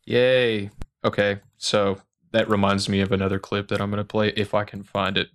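A man's voice: lowish voice, completely flat delivery, fairly quick, a bit bright, clean tone. A man hosting a podcast, chatting loosely with laughs and swearing. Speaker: podcast host. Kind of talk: casual chat.

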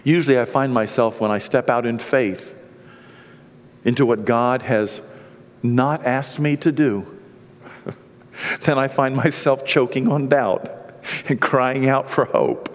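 A middle-aged man preaching a sermon as pastor, swinging from hushed, quiet stretches to loud, impassioned peaks. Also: mid-range voice, slow pace, pauses often. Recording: long reverb of a large hall.

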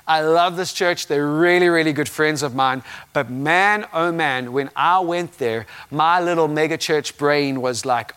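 A man delivers a sermon in a fairly high voice. He tells a personal story in an animated way, acting out his own reactions with bursts of laughter. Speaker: preacher.

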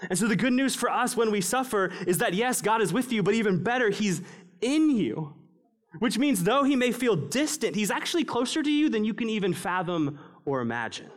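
A male pastor preaching a sermon, swinging between raised, emphatic passages and hushed, low ones. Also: big pitch swings, a little fast.

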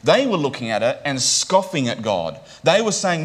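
A man preaching to a congregation in a relaxed, conversational tone. His voice sits in a middle pitch. He often stops to check in with "right?" and restarts phrases as he works through a passage. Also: moderate pace, hardly any pauses. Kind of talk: sermon.

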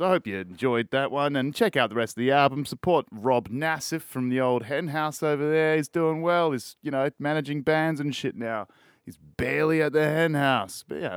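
A man's voice: medium pitch, clean tone, no echo, studio quality. Laid-back, cussing Australian podcast guy. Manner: rambling, swears often, laid-back. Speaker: podcast host. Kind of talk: casual music-review chat.

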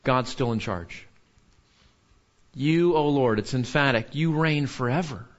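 A man's voice: mid-range voice, measured pace, highs cut off. A man teaching a Bible lesson to a class in a conversational way, often asking "right?" and repeating key points for emphasis.

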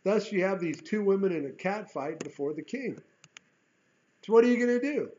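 A man's voice: sits high, lively intonation, moderate pace, darkish tone, highs cut off. A man teaching through a Bible chapter in a conversational way. He reads scripture aloud and breaks off into folksy asides and rhetorical questions.

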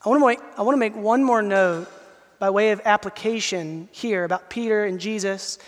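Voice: medium pitch, normal speed, big-room sound. A pastor preaching an expository sermon, earnest and emphatic, speaking directly to the listeners.

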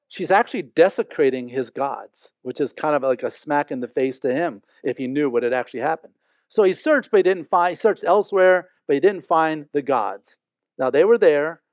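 A man preaching with a high, lively voice that jumps into the quoted characters as he teaches. The sound is close and dry, a little muffled, with no room around it. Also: dry recording. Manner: animated, acts out quoted speech. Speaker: pastor. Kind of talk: expository sermon.

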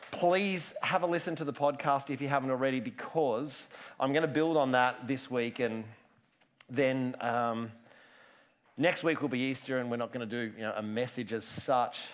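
A man's voice: mid-range voice, normal speed. A man preaching a casual sermon, chatty and joking, often restarting his sentences. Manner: chatty, self-interrupting, joking asides. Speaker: pastor.

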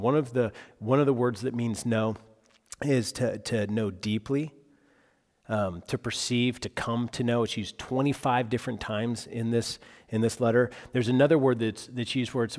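A male pastor delivering a sermon in an expressive preaching manner, speeding up for retold dialogue and going quiet for emphasis. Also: mid-range voice, long reverb tail.

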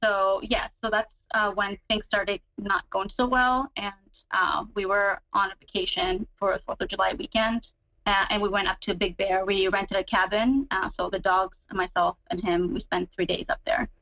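A woman recounts a personal relationship story in relaxed, rambling conversation. She leans on fillers and restarts, and her voice leaps higher when she acts out alarming moments. The audio is a little dull and lo-fi. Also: moderate pace. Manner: chatty, many fillers, relives moments with sudden higher pitch. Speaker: guest describing her relationship. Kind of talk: casual storytelling.

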